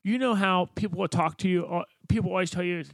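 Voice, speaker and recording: A man with a fairly high voice co-hosting a podcast, pushing blunt, profane motivational advice with repetition and emphasis. The recording is dry and close. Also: steady tone, quick pace, vocal fry, dry recording. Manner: emphatic, motivational, swears freely. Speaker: podcast co-host. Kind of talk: casual chat.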